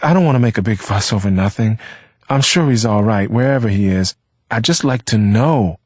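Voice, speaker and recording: A man's voice: fairly low pitch, lively intonation, moderate pace, a little mellow, slightly rough, no room sound, voice pushed up. A man voicing an anxious young woman who is searching for her missing brother, earnest and shaky.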